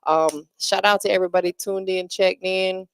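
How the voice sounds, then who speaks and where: A woman hosting a casual online listening party, upbeat and full of shout-outs. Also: medium pitch, steady tone, moderate pace, creaky. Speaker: host. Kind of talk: casual chat.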